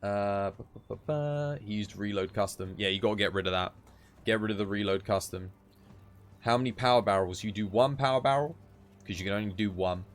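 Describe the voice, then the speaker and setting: A man's voice: on the low side, a little fast. Tired man streaming a game. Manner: chatty, laid-back, gives gear advice. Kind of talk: casual live-stream chat.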